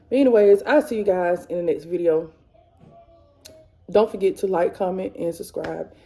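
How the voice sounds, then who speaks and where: Emotional, rambling woman vlogger, warm voice. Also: fairly low pitch. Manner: rambling, repeats herself, emotional. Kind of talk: emotional casual chat to camera. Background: kids faintly in background.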